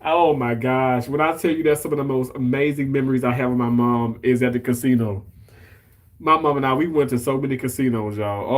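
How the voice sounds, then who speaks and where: A man from Mississippi, hosting a livestream in a chatty, emotional and effusive way. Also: medium pitch. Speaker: livestream host. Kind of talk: casual chat.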